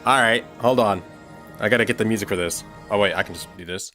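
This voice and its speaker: A man's voice: lowish voice, quick pace, sharp tone, faint music behind. A man livestreaming while he works, chatting casually and thinking aloud to his viewers. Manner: rambling, thinks aloud, talks to chat.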